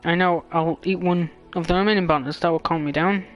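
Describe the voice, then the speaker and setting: A man's voice: on the high side, fairly even intonation, quick pace, lo-fi sound, soft background music. A male game streamer reading a visual novel's text aloud, stumbling over words and dropping joking asides.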